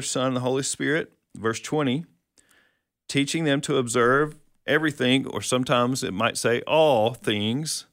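Male Bible teacher, mid-pitch, conversational and explanatory, close dry studio mic. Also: fairly bright tone, no echo. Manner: explanatory, quotes scripture, asks questions.

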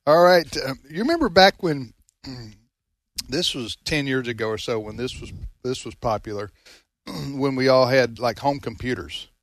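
A man's voice: medium pitch, expressive, moderate pace, no room sound, studio quality. A man hosting a radio fundraiser, chatting in a rambling way, repeating words and laughing often. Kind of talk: casual studio chat.

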